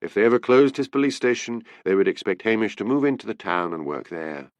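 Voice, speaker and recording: A man narrating an audiobook in an expressive, lively reading. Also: lowish voice, brisk, no room sound. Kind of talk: scripted narration.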